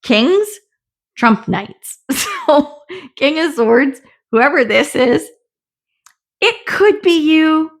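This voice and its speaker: A middle-aged woman does a casual tarot reading in a high-pitched voice with lively intonation, speaking very slowly and pausing often. She's chatty, laughs a lot, swears now and then, and acts out little voices.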